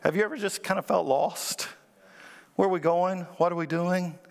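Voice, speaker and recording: A male pastor delivers a sermon to his congregation, his voice sitting a bit high for a man. He leans into emphatic, rising lines and asks the room to answer him back. The sound rings out with a long reverberant tail, as in a large church sanctuary. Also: normal speed, creaky. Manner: preaching with call-and-response, rising emphatic pitch.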